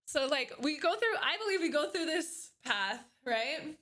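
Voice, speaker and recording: A woman in her thirties chatting casually on a livestream into a desk microphone, enthusiastic and animated, swearing freely. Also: high voice, measured pace. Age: 30s.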